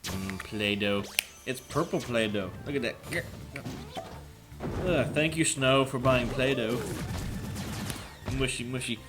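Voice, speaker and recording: A man doing casual let's play commentary at home, rambling and chatty, sometimes yelling at the game. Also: mid-range voice, slow, pauses often. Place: apartment room at home with thin walls. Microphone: desk microphone. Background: video game music.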